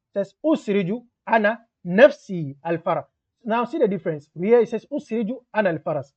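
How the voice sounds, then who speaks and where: A man with a fairly high voice teaches grammar in a patient, explanatory way. He reads phrases aloud, then breaks them down in English. The recording sounds somewhat dull and lo-fi.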